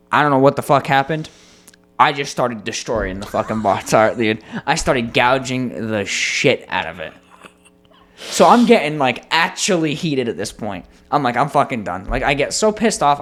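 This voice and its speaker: A man co-hosting a podcast, telling a story in casual chat with an animated, profane manner. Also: mid-range voice. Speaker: podcast co-host.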